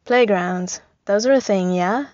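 A woman's voice: medium pitch, unhurried, no room sound, dull audio, lightly acted. A woman reading a story aloud, voicing a mild-mannered male scientist. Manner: mild, calm.

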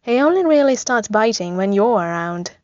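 A soft-spoken, mild male scientist, as a woman narrator puts him on. Dull, dry audio. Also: mid-range voice, normal speed, dry recording, natural voice. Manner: mild, calm.

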